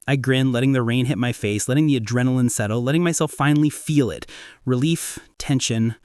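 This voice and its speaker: A man's voice: medium pitch, fairly quick, a little mellow, no echo, clean studio sound. A man narrating a first-person romance story in a casual, wry, conversational way.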